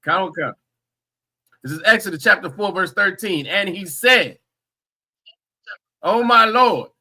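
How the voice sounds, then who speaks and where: A man with a high, sharp and very bright voice reads a verse aloud for his class. He goes slowly and carefully, halting between words. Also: lively intonation, breathy edge. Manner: slow, careful reading, word by word. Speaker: student reading scripture aloud.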